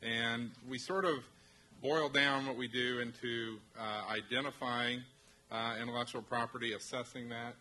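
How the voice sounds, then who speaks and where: A man from a university technology transfer office presenting to faculty, halting, with many restarts and fillers. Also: mid-range voice, fairly even intonation, bright, forceful tone, low-quality recording.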